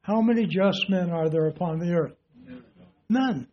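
A man preaching a sermon, teaching slowly and deliberately and asking his listeners rhetorical questions. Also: sits high, highs cut off, slight background noise.

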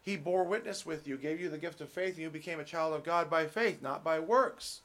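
Emphatic preaching man, fairly high voice. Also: brisk. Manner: emphatic, rising loud on key points; conversational asides with fillers. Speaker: pastor. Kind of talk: sermon.

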